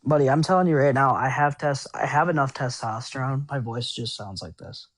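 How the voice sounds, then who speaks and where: A young man in his twenties, from Minnesota, calls in with a naturally high voice. He answers in short, defensive bursts. The sound is dry and close. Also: fairly quick, dry recording. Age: 20s. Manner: terse, defensive replies. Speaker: caller.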